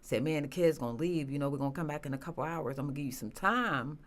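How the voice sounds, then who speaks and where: A woman telling her personal story as a guest, earnest and halting, with many restarts and fillers. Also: sits low, animated. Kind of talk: emotional personal testimony.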